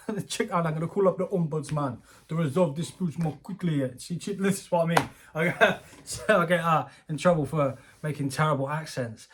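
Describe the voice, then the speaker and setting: A man's voice: fairly high pitch, moderate pace, noisy background. A man giving casual, jokey commentary from home as a YouTuber, rambling and laughing often. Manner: chatty, jokey, self-deprecating, laughs often. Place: home room.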